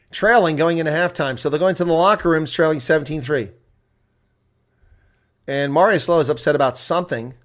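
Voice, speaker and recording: Man shouting excited rugby play-by-play. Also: a little high, moderate pace, pauses often. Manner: erupts into loud excited shouts at big plays, then settles into chatty talk; casual, rambling, reads viewer comments. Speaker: live reaction commentator. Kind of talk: live play-by-play and color commentary.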